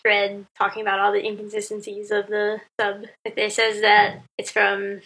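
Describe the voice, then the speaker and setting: Bright, animated woman co-host. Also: mid-range voice, normal speed, low-quality recording. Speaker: podcast co-host. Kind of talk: casual chat.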